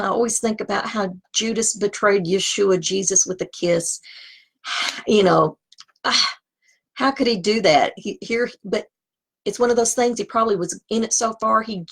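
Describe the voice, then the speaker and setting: A woman's voice: mid-range voice, normal speed, gravelly, a bit bright, husky. A woman teaching scripture, reading the text aloud and breaking off into conversational asides. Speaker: Bible teacher.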